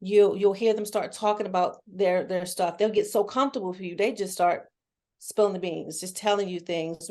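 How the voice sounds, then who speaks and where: A woman's voice: medium pitch, fairly even intonation, normal speed, a little mellow. A woman who is a children's therapist, talking candidly and earnestly in a casual interview, with a folksy manner and frequent restarts.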